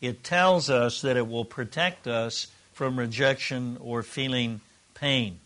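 Speaking slowly in a mid-range, fairly bright voice, a middle-aged man teaches a relationship course to a live group in a room. He's conversational and earnest, occasionally acting out dialogue examples.

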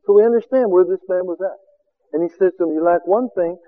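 A man preaching a sermon as a seminar teacher, firing rhetorical questions and swinging from loud exclamations to quiet asides. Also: high voice, quick pace, narrow, tinny audio.

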